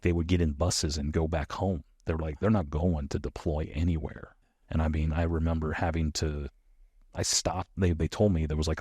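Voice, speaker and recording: A man's voice: rumbling low, husky, no echo, clean studio sound. A middle-aged American man, a former soldier, telling stories casually in an interview and acting out the dialogue. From United States. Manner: animated storyteller, acts out quoted dialogue.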